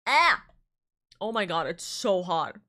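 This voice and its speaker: A woman's voice: on the low side, very animated, slow, pushed and bright. A woman streamer chatting casually on a live stream, rambling with asides while reading out and thanking chat messages. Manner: rambling, self-interrupting asides. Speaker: VTuber streamer.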